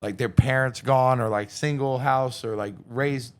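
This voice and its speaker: A man in an average pitch speaks as a podcast guest. He talks bluntly, swears a lot, and sounds earnest when he describes the kids he coaches. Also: steady tone, a little slow. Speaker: guest host. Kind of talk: casual podcast chat.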